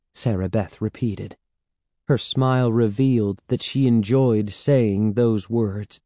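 A man narrating an audiobook in slow, measured storytelling, close to the mic. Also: on the low side, warm tone, dry recording. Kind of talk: scripted narration.

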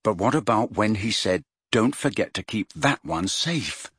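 A stubborn, earnest teenage boy, as a man reads him, pushing his point with lively rises and falls. the voice is husky and dry. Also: fairly low pitch, unhurried, dry recording, full character voice. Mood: insistent. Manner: insistent, earnest.

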